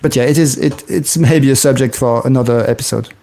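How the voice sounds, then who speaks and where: A man's voice: mid-range voice, brisk, creaky, warm tone. A man from France in a casual podcast discussion, thoughtful and searching for his words.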